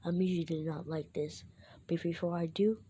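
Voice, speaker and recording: A woman's voice: on the low side, fairly even intonation, moderate pace, mellow, slight background noise, lightly acted. Woman whispering as a grim boy fighter. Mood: threatening. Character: stern boy fighter giving a warning. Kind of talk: whispered role-play.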